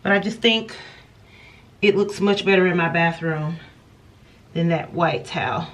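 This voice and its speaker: Showing her purchases in a casual home vlog, a woman speaks directly to viewers in a fairly low, fairly bright voice at a measured pace. The camera sits at a distance in an echoey room.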